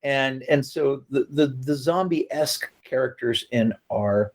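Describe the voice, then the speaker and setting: Animated middle-aged male storyteller. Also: medium pitch, takes it slowly. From United States. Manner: animated storyteller who acts out quotes. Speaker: filmmaker guest. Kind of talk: casual interview storytelling.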